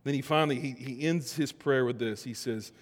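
A man preaching a conversational sermon, moving between quiet reflective passages and louder emphatic stretches. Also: mid-range voice, fairly quick. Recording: long hall reverb.

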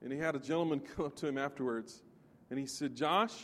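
A man's voice: mid-range voice, quick pace, big-room sound. A man preaching a sermon, emphatic and putting questions straight to the congregation. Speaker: pastor.

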